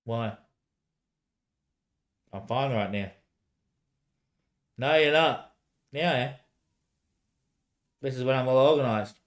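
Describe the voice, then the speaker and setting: A man's voice: medium pitch, slow, long pauses. A man streaming alone, rambling and answering himself back and forth, dropping "mate" and laughing often. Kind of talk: rambling solo livestream talk.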